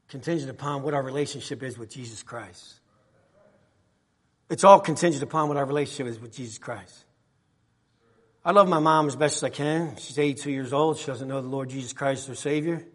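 A middle-aged man preaching a sermon in a church, repeating his phrases and swinging from soft asides to shouts. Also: mid-range voice, brisk. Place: church sanctuary. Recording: long hall reverb.

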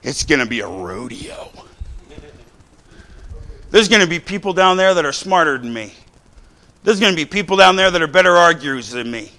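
A middle-aged man preaching a fiery sermon, exhorting the crowd with repeated lines and sudden bursts of shouting. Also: fairly high pitch, very animated, normal speed, long pauses. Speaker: pastor.

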